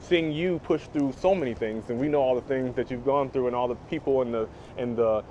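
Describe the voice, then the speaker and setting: A man's voice: mid-range voice, a little fast, mellow, muffled recording, slight background noise. A young man thanking his mother sincerely in a rambling, filler-heavy way. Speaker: host speaking to his mother. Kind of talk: heartfelt conversation.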